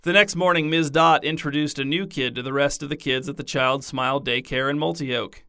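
A man narrating a story in a deadpan, scripted reading. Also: a little high, a little fast, smooth, no echo, clean studio sound.

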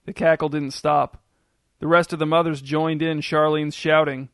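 A man reading a story aloud as narrator, in a steady, descriptive storytelling manner. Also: fairly high pitch, normal speed, no room sound, studio quality.

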